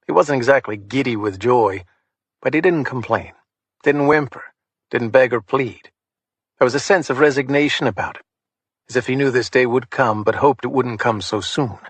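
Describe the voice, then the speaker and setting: Steady male crime-thriller narrator. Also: mid-range voice, husky, no room sound. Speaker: audiobook narrator.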